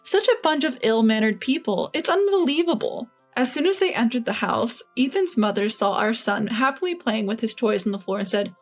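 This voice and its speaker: Woman in her 30s, first-person story narrator, slightly high voice, faint music bed underneath. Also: animated, moderate pace, few pauses. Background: faint background music.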